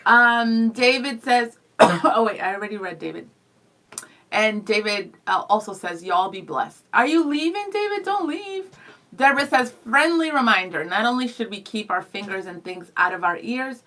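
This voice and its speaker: A woman co-hosts a morning radio show from the studio and reads out listener comments. Her voice is bright and crisp, and her pitch sits a bit high. She is bubbly and quick to tease her co-host. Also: lively intonation. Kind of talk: casual studio chat, reading listener comments.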